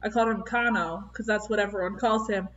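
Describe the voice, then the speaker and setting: A woman's voice: medium pitch, fairly even intonation, fast talker, a bit bright. A woman co-hosting a casual podcast chat, blunt and sarcastic. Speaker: podcast co-host. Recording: distant, dull-sounding mic.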